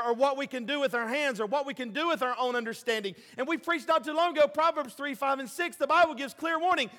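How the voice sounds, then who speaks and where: A man preaching a sermon, passionate, swinging between loud emphasis and quiet, low asides. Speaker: pastor. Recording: hall reverb.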